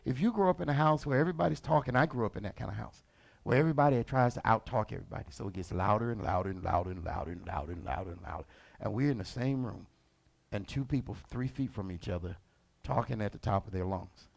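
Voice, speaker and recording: A man preaching a sermon as lead pastor, colloquial and animated. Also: lowish voice, fast talker, creaky. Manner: animated, colloquial, acts out characters.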